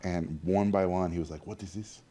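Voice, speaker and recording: A man being interviewed, telling lively stories about his early art training and acting out the people in them. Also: low-pitched, normal speed, a little hiss or hum. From Mexico. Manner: animated storyteller, acts out quoted voices. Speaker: guest animator. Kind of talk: storytelling interview.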